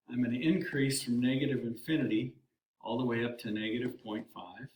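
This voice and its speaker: A man teaching calculus at an unhurried pace, walking through graph work step by step. He keeps a relaxed, folksy classroom manner and talks through every button press. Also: medium pitch. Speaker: math teacher. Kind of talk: calculus lesson walkthrough.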